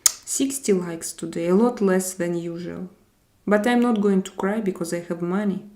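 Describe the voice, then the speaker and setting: She's a live-stream host from Russia who reads viewers' comments and answers them, changing languages as she goes in a casual stream. Her Russian-accented voice is lowish and dark, delivered at a moderate pace.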